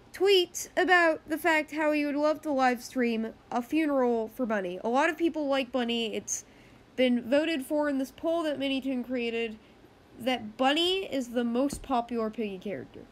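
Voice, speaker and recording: A woman's voice: sits high, moderate pace. A woman hosting a casual gaming news roundup, chatty and rambling, often correcting herself mid-sentence.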